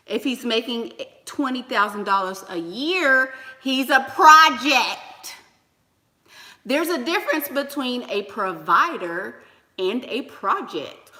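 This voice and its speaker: Animated woman livestream host, bright voice. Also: fairly high pitch, measured pace. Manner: animated, shouts greetings to donors; preachy, repeats points for emphasis. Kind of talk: casual livestream chat. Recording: roomy with long reverb.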